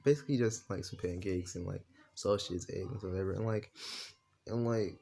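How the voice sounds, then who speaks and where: Guy rambling through a made-up story while gaming, lotta likes and basicallys, swears a bunch, lowish voice. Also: fairly even intonation, moderate pace, creaky, dark tone, a little hiss or hum. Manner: rambling, full of fillers and swearing. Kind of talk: improvised fan-fiction storytelling while gaming.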